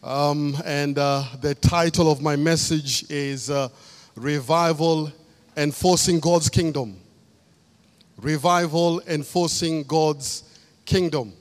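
A man from Kenya with a slightly high voice preaches a sermon in a church hall. He hammers his points home by repeating key phrases. His voice rings with a long hall reverb. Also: steady tone, takes it slowly.

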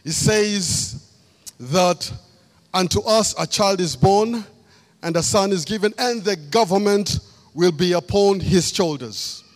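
A man from Kenya with a slightly high voice preaches a sermon in a church hall. He hammers his points home by repeating key phrases. His voice rings with a long hall reverb. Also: takes it slowly.

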